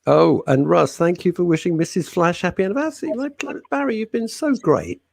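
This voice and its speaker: A man's voice: high-pitched, a little fast, vocal fry, no room sound, clean studio sound. Teasing male radio co-host. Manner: jokey, teasing, animated. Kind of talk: casual banter reading listener messages.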